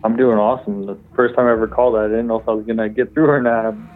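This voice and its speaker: A man's voice: lowish voice, fairly even intonation, fast talker. A man from Illinois calling in to a podcast, earnest and grateful, with lots of fillers. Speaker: caller. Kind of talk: casual call-in chat. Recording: tinny phone line.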